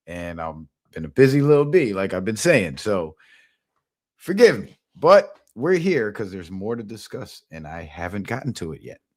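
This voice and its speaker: A man hosting a live stream, talking in a loose, rambling, chatty way with lots of fillers. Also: on the low side. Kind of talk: casual live-stream commentary.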